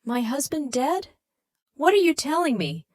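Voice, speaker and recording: A woman's voice: high-pitched, very animated, unhurried, no room sound, studio quality, pitched above the performer's own voice. A woman voicing a worried, agitated wife answering a late-night phone call. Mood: upset. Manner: anxious, raised voice.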